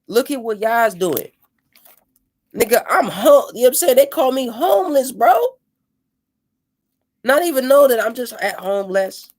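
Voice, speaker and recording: A man's voice: extremely high pitch, lively intonation, unhurried, pauses often. A man sounds off in an impassioned rant, swearing freely and preaching about goals. His delivery is emphatic and defiant, and he keeps checking in with "you know what I'm saying.".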